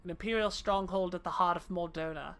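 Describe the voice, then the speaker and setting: A woman's voice: lowish voice, fairly even intonation, brisk. A woman streaming a game live, chatting casually, reading dialogue aloud in playful voices and swearing freely.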